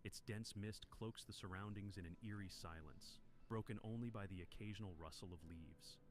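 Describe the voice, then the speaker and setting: A man with a very deep voice narrating a story recap in a steady, dramatic scripted way. A faint hiss sits under the narration. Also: normal speed.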